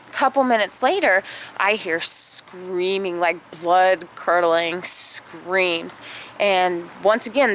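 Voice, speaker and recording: A woman's voice: on the low side, a bit bright, a little hiss or hum. A woman vlogger telling a family story in a chatty, casual way, full of fillers and acted-out quotes.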